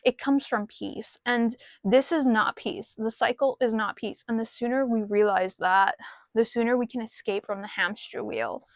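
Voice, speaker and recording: A woman's voice: fairly high pitch, fairly even intonation, moderate pace, no room sound. A woman talking casually to her viewers from her car, frank and rambling, with small self-deprecating asides, into a small mic plugged into her phone. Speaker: vlogger. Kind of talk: casual talk to camera.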